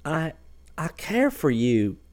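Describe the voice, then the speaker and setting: A man voicing a timid young woman in a storybook reading, speaking softly and hesitantly. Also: a little high, wildly swooping pitch, slow pace, pitched above the performer's own voice, heavily acted. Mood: trembling. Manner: soft, hesitant, near-whispered.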